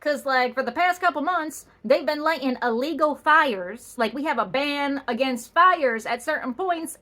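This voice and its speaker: Young woman doing comedy storytime, high voice, sassy, punchline after punchline. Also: bright, forceful tone. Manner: sassy, rapid punchlines, exaggerated asides.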